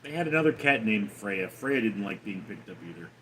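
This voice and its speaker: A man's voice: on the low side, lively intonation, fairly quick, fairly bright tone, slight background noise, low-quality recording. A man hosting a casual livestream, rambling offhandedly and reading chat aloud. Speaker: livestream host.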